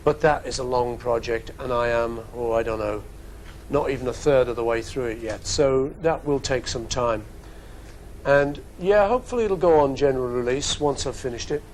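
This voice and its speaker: A man's voice: medium pitch, moderate pace, a little hiss or hum, poor audio. A man in his fifties with a Liverpool accent answers fan questions in a casual studio webcast, chatty and joking with wandering asides. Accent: Liverpool English. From England. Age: 50s.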